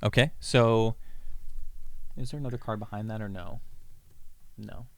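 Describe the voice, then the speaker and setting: A man's voice: on the low side, measured pace. A man co-hosting a comedy writing podcast, talking through story beats in casual chat and acting out bits of dialogue. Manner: talks through scenes, acting out lines with shifting voices. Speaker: podcast co-host, comedy writer.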